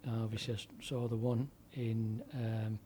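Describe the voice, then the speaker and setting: A man's voice: on the low side, little pitch movement, moderate pace, warm tone, slight background noise. A man in his seventies, a former DJ and broadcaster, telling long anecdotes in a rambling conversational way. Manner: rambling anecdotal delivery with frequent fillers and restarts. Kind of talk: conversational storytelling.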